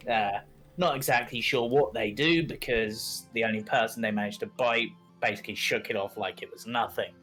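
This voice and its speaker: A man's voice: medium pitch, fairly bright tone, low-quality recording. A man, a tabletop game player, giving a casual, hesitant recap with many ums.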